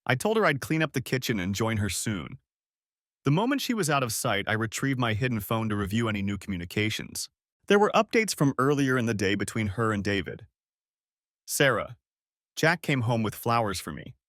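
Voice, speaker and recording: A man narrating a first-person revenge story in a measured, wry storytelling manner, recorded close to the mic. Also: on the low side, very animated, fairly bright tone, dry recording.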